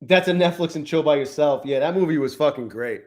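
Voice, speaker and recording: A man in his forties talks loosely to his viewers in a live stream, restless and quick to swear. His voice sits a little higher than most men's. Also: a little mellow. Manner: profane, restless, talks to chat. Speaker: trading livestream host. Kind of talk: casual live-stream chat.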